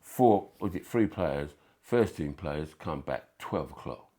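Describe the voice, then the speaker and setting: Gravelly, very deep-voiced man telling stories. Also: a little slow. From England. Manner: animated, swearing, acts out quoted voices. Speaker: former footballer, podcast guest. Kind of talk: storytelling in a casual interview.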